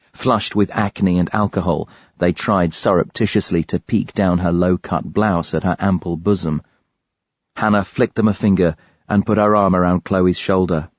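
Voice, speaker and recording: A man narrating an audiobook thriller in a measured, grave read. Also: sits low, no room sound, lo-fi sound. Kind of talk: scripted narration.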